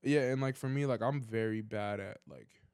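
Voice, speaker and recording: A young man chats on a podcast, supportive and loose, with plenty of fillers. His voice sits a little low, and the sound is dry and close. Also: normal speed, a little mellow, smooth, no room sound. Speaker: podcast co-host. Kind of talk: casual chat.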